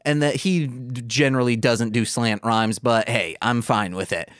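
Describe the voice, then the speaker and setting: A man's voice: medium pitch, normal speed, a bit bright, smooth, dry recording, studio quality. A young adult man co-hosting a podcast in casual, jokey chat, telling stories and acting out scenes. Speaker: podcast co-host.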